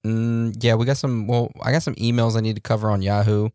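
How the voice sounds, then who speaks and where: A man co-hosting a podcast in a relaxed, joking way, reading out listener reviews with loose fillers and laughs. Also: fairly low pitch, brisk, smooth, no room sound, clean studio sound. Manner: laid-back, laughs and jokes, loose fillers. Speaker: podcast co-host.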